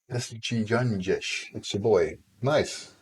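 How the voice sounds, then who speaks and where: An indie game developer with a very deep, low voice chats casually on a live stream while working on his game, rambling a bit and bantering playfully with viewers. He speaks slowly, sounds slightly rough from a tickle in his throat, and stays relaxed and chatty throughout.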